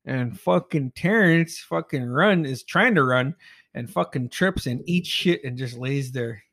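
A man at mid pitch tells a rambling story in casual chat, swearing freely and laughing as he goes. He sounds like a podcast host. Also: expressive, unhurried, a bit bright.

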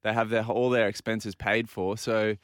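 A man's voice: lowish voice, little pitch movement, moderate pace, clear, resonant tone, no room sound, clean studio sound. A man co-hosting a radio show, chatting casually and telling stories. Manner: talkative, tells stories, acts out quotes. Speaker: radio co-host. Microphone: studio microphone.

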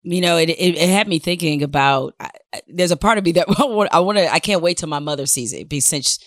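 A woman in her forties hosting a casual interview, expressive and blunt, laughing often. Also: fairly low pitch, fast, no room sound, clean studio sound. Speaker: podcast host.

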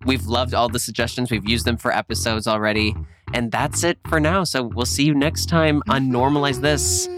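A man's voice: mid-range voice, steady tone, moderate pace, a bit bright. A man co-hosting a podcast in casual chat, upbeat and encouraging. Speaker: podcast co-host.

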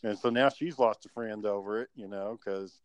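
A podcast host tells a profane story in a laid-back, chuckling way during a casual online chat, heard over an online voice call. His voice is fairly low, smooth and moderately paced, with no room sound.

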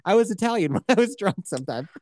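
A man in his thirties from Colorado, hosting a podcast and telling a rambling story full of swearing. His pitch swings widely as he talks, and he laughs at his own jokes. The sound is close and dry. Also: very animated, quick pace, a little mellow, dry recording. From Colorado, USA. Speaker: podcast host. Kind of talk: casual storytelling chat.

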